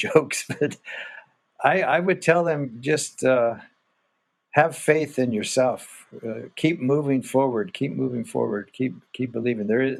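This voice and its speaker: Husky-voiced man, relaxed and encouraging. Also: medium pitch. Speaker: podcast guest. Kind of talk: casual conversational reflection.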